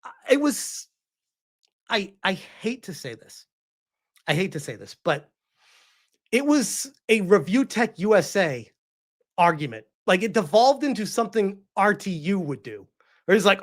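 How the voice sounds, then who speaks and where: A woman's voice: medium pitch, a little slow, pauses often. A woman hosting a casual livestream. She reads viewer donations aloud and rants back at them, incredulous and often swearing. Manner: animated, incredulous ranting with frequent swearing. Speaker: streamer host reading viewer donations.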